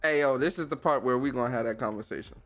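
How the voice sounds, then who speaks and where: A man's voice: medium pitch, very fast, faint music behind. A young man hosting a podcast, reacting to clips in casual, slangy commentary and laughing often. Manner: animated, slangy, laughs a lot.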